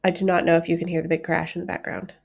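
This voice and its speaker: A woman's voice: on the low side, level tone, very fast, vocal fry, a little mellow, husky. A woman in her thirties co-hosting a podcast, talking casually and poking fun at herself. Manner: self-deprecating, chatty. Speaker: podcast co-host. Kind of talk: casual chat.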